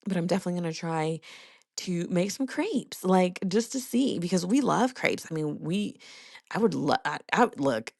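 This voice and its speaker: Brief casual podcast host, young woman, fry-heavy low-ish voice, dry close sound. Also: expressive, normal speed, darkish tone, no room sound. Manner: chatty storytelling with fillers. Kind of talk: casual chat.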